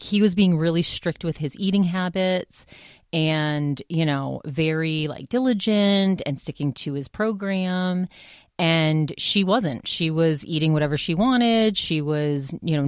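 A woman's voice: deep voice, clear, resonant tone, dry recording, clean studio sound. A woman hosting her own podcast, talking casually in a rambling, chatty way with frequent restarts. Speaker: podcast host. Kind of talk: casual solo podcast monologue.

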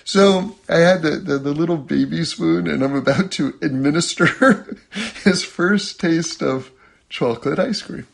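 A man teaching a religious lesson, telling a personal story and acting out quotes in a much higher voice, often checking in with "okay?". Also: a little slow, gravelly, husky. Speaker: Torah teacher.

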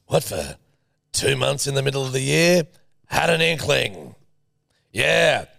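A man's voice: medium pitch, very animated, measured pace, creaky, a bit bright, no echo. A young man co-hosting a podcast while hungover, dry and mocking, swearing freely in casual banter. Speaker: podcast co-host.

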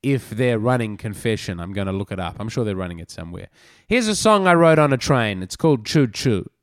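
A middle-aged man doing a rambling, self-mocking comic monologue as podcast host, swinging between loud declarations and low mutters. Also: very animated, a little fast.

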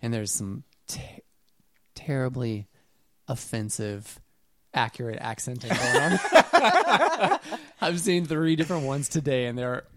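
A podcast co-host with a wry, deadpan way of talking in casual chat. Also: mid-range voice, slow pace, pauses often, slight background noise.

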